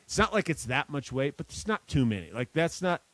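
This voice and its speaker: A man co-hosting a podcast in casual chat, animated and self-mocking, swearing casually. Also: on the high side, fairly quick, no room sound. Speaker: podcast co-host.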